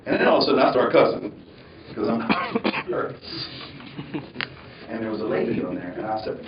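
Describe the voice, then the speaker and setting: A man giving a commencement speech as a conversational, animated story in a large hall, recorded from a distance. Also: lowish voice, moderate pace, pauses often, a crowd in the background. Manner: animated, conversational, mimics the voices of others. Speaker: commencement speaker. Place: large hall at a graduation ceremony. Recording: dull, roomy sound from far off.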